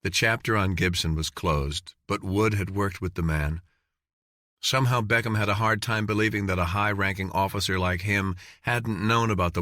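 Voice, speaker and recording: A man narrating an audiobook in an even, measured reading. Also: low-pitched, no room sound, clean studio sound. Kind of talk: scripted narration.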